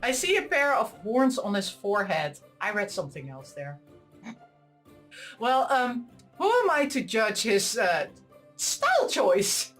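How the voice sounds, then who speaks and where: Woman reading a visual novel out loud, giggles a lot, voice jumps all over, faint music behind. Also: medium pitch, measured pace. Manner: giggly, excitable asides. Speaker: visual novel let's player. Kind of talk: reading a game aloud with reactions.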